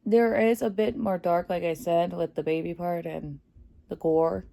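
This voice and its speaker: Chatty excited woman gushing about a movie she loved, mellow warm voice. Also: on the low side, unhurried, gravelly. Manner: gushing, chatty, many fillers, laughs often. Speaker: movie reviewer. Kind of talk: casual spoiler review vlog.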